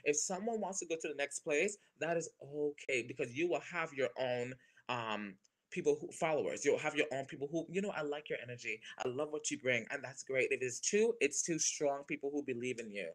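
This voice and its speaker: A young man from the Caribbean talking casually and expressively as a guest, with playful high exclamations. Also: lively intonation, brisk. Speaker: guest performer. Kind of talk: animated casual talk.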